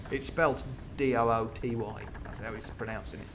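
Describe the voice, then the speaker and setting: A man's voice: medium pitch, steady tone, a little fast, hardly any pauses, background noise. A man reading a classic novel aloud on a live stream and breaking off for playful, jokey asides.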